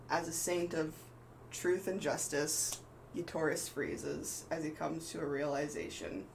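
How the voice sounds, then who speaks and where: A man's voice: a little high, creaky, rough recording. Male game master, casual rambling narration, faint background noise. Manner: loose, filler-heavy narration.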